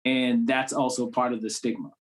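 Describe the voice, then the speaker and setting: Casting: male podcast guest from the Boston area, mid-pitched, relaxed and conversational, heavy on casual fillers. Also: moderate pace. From Cambridge, Massachusetts. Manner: loose, street-casual talk full of "you know what I'm saying". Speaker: guest, actor.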